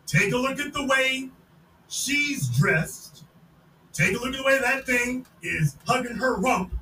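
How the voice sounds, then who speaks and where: A podcast host, a man, loudly mocking a video in casual commentary and repeating his points. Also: very high voice, lively intonation, a little slow. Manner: mocking, loud, repetitive. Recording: echoey room, distant mic, faint noise.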